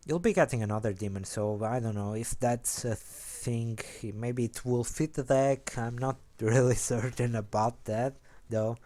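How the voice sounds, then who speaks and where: A man's voice: steady tone, unhurried, few pauses, mellow. A young man casually rambling through an explanation of his card game deck, correcting himself as he goes. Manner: rambling, self-correcting, low-key.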